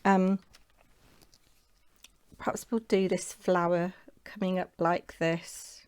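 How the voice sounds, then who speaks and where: Woman host, lowish voice, casual self-chatting craft tutorial. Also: steady tone, takes it slowly, a little mellow, clean tone. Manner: chatty, talks to herself while working.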